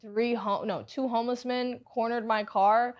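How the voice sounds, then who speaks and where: A woman hosting a podcast, telling a story in a casual, animated way, laughing often and swearing freely. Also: a little high, moderate pace, highs cut off, heavy background noise. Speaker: podcast host.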